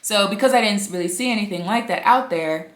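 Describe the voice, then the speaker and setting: A woman's voice: mid-range voice, a little fast. A woman vlogging from home in a rambling, chatty way, full of "you know" fillers. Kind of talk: casual chat to camera. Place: indoors at home, upstairs. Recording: echoey room.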